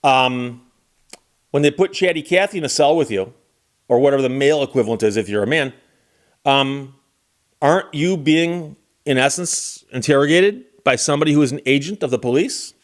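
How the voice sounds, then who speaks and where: A man's voice: mid-range voice, expressive, moderate pace. A man giving casual, wry legal commentary and talking straight to the viewer in a conversational way.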